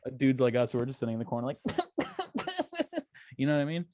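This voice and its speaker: A young man co-hosting a casual podcast chat, animated and profane, acting out little scenes as he talks. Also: medium pitch, racing, no echo. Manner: animated, acts out quoted voices, swears a lot. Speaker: podcast co-host.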